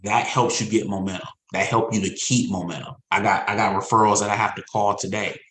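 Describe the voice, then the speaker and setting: Emphatic low-voiced man giving a pep talk. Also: flat delivery, brisk, fairly bright tone, roomy sound, rough recording. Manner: repetitive, emphatic, conversational preaching. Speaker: insurance sales team leader. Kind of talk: motivational team talk.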